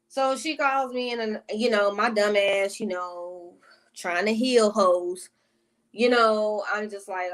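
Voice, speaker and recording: A woman's voice: medium pitch, measured pace, a bit bright. A woman vlogger telling a personal storytime in casual, profane talk that keeps drifting into side tangents aimed at her viewers.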